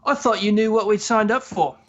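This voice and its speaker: A man's voice: high-pitched, fairly quick, fairly bright tone, muffled recording, voice pushed up. A man reading the part of a tense, stubborn teenage boy wizard hero in a podcast read-through, defensive and clipped.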